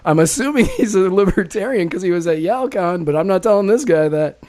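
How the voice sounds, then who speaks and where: A man's voice: high voice, animated, brisk, very noisy. A man hosting a casual podcast chat, playful and laughing often. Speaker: podcast host.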